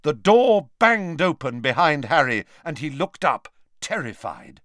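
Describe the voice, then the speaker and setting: Male audiobook narrator, dramatic storytelling, lively pitch, slow, dry close sound. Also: no echo. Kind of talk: scripted narration.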